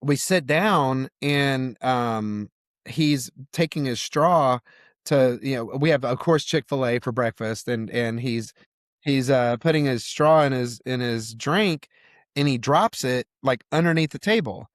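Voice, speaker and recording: A man's voice: medium pitch, a little slow, no echo, studio quality. A man from Georgia, a podcast guest, telling a casual story with lots of fillers. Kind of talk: storytelling in a conversation.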